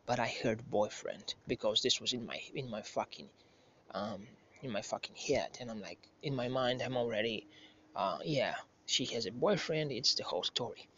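Man in his thirties, bright forceful tone, swears a lot, rambling and self-correcting, slightly muffled lo-fi sound. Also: mid-range voice, lively intonation, moderate pace, a little hiss or hum. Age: 30s. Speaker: podcast host. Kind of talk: casual anecdote telling.

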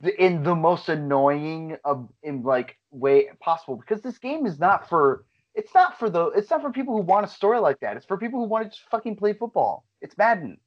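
A man's voice: high voice, sing-song, fairly quick, few pauses, muffled recording. A man in casual chat, rambling with lots of fillers and swearing as he rants.

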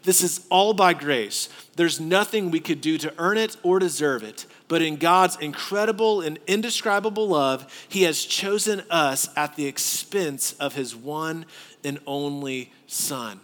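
Man, pastor, sermon, conversational and animated, bright tense voice, long church-hall reverb. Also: a little high, unhurried. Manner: animated, conversational preaching with rhetorical asides.

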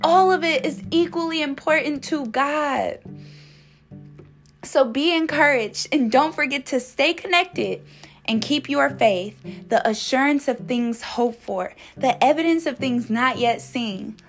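High-voiced woman hosting a faith podcast. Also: unhurried, faint music behind. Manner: fervent, repetitive prayer cadence; informal speech with slang. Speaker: podcast host. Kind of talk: faith podcast devotional and prayer.

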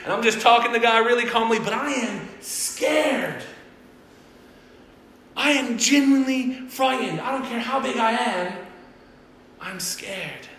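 A man's voice: very high voice, animated, unhurried, long pauses, a bit bright, a little hiss or hum. A man preaching a sermon as pastor, telling stories animatedly and acting out the voices of the people in them. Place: church hall. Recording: roomy church hall sound.

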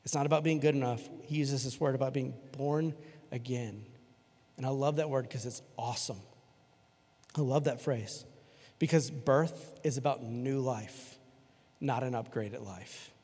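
A man preaching a sermon to his church in a casual, conversational way, switching between loud emphasis and quiet, earnest stretches. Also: medium pitch, measured pace, husky. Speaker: pastor. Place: church sanctuary. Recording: long hall reverb in a church.

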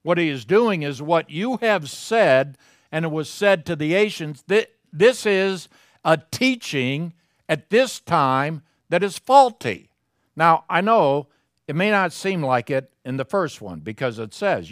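A middle-aged male pastor preaching a sermon, emphatic, moving from quiet folksy asides to loud stressed scripture quotes. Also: on the high side, big pitch swings, measured pace, no room sound, studio quality. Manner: folksy, self-deprecating asides.

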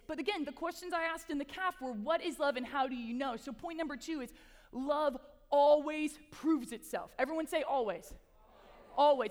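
A young woman with a high, bright-sounding pitch gives a relaxed, conversational sermon, chatty and animated in the way she talks. Her voice rings out with a long reverb, as in a large hall. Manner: chatty, animated, frequent "like" and "right?". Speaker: speaker. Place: large hall before an audience.

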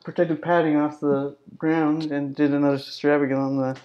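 A podcast co-host who calmly corrects and adds details in casual chat. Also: medium pitch, fairly quick, dull audio. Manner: matter-of-fact, correcting.

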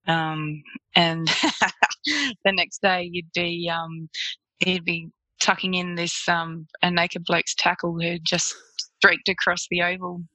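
Australian woman guest, chatty storyteller, laughs a lot, bright tense voice, dry close sound. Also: lowish voice, fairly even intonation, slow pace, no room sound, poor audio. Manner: chatty, laughs often while telling stories. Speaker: guest photographer. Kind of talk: casual storytelling interview.

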